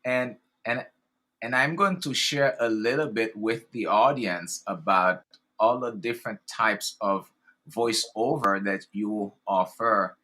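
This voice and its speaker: Enthusiastic male host, lowish pitch, forceful bright tone, rambling casual chat. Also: takes it slowly. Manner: effusive, enthusiastic, rambling with fillers. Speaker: podcast host.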